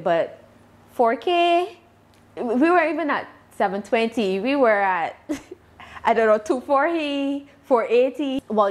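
Woman, Barbadian accent, casual interview talk, deliberate pacing, medium pitch. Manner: deliberate, measured speech. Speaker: YouTuber guest.

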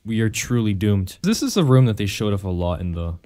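A man giving casual, joking commentary over gameplay. He laughs often and mixes sarcastic mock praise with excited outbursts. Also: fairly low pitch, fairly quick, dry recording, clean studio sound.

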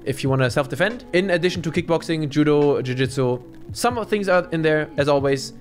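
A man's voice: a little high, fairly quick, faint music behind. A man doing casual reaction commentary in a blunt, scornful way, swearing freely. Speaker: reaction streamer.

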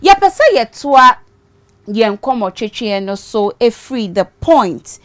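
Higher-voiced Ghanaian woman interviewer. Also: sing-song, slow pace. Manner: echoes and finishes the guest's words. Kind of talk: interview questions and prompts.

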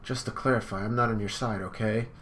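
A man voicing a cool, aloof older sister who explains things quickly and flatly. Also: on the low side, a little hiss or hum, close to an everyday voice.

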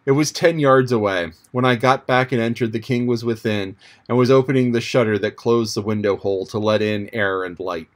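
A man narrates a novel chapter for an audiobook. His reading is measured and descriptive, and his voice sits at an ordinary middle pitch for a man.

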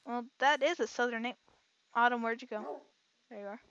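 A woman giving casual, excitable let's-play commentary, chatting to herself and her audience as she plays. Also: on the high side, fairly quick, clear, resonant tone, no echo, muffled recording. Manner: excitable, chatty, talks to herself while playing. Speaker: gaming channel host.

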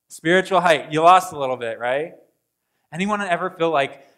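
Preaching at a normal speed, a high-voiced male pastor talks to his congregation conversationally. Rhetorical questions and prayers voiced aloud fill his sermon, and his delivery alternates between hushed remarks and abrupt loud bursts.

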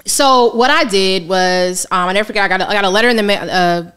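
A woman financial coach telling her story in a candid, casual interview, animated and colloquial. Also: medium pitch, fast talker, clean tone. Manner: lively, colloquial, animated retelling with quoted asides.

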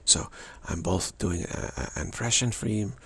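Low husky gravelly guy rambling through a spiritual talk, keeps restarting and repeating himself. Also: whispered. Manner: halting, repetitive, musing, often restarts. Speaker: spiritual teacher. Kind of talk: spoken spiritual practice talk.

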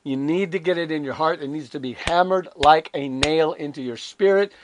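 A man's voice: on the high side, moderate pace, slight background noise. An older man preaching a conversational devotional sermon, emphatic and candid, full of rhetorical questions. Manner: candid and self-deprecating.

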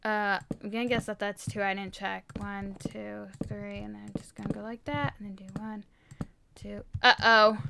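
A young woman hosting a game video, loudly and excitably talking to herself as she builds. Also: mid-range voice, normal speed, creaky, background noise. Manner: excitable, loud, talks to herself while building. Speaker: gaming video host. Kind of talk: casual game commentary.

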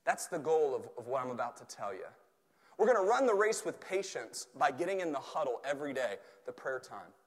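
A man from Tennessee with a Southern accent, preaching an animated, joking sermon in a church, swelling at times to near shouts. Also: medium pitch, fairly quick. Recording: long hall reverb.

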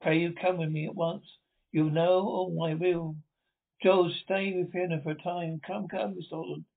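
A man's voice: on the high side, flat delivery, moderate pace, vocal fry. Commanding young man, read by a male narrator; tinny, lo-fi sound. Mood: urgent. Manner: urgent, commanding. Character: urgent young man, protective brother. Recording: tinny lo-fi recording.

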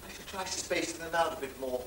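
An actor playing a vain, witty aesthete in a theatrical stage monologue. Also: male voice, fairly high pitch, a little fast, noisy background, lightly acted. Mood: languid witty. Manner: languid, theatrical, self-mocking. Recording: roomy theatre from far off.

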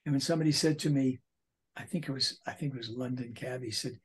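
A man in his eighties, a voice actor guest, telling animated anecdotes in a casual interview, with frequent restarts. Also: medium pitch, quick pace, husky. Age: 80s.

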